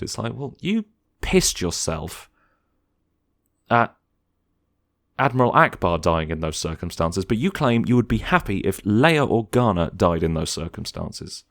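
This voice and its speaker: A deep-voiced man talks loosely through a movie as he watches it. His delivery is chatty and informal, and now and then he slips into a mocking voice to quote critics. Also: big pitch swings, a little slow, vocal fry. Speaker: film commentator. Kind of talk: casual film commentary.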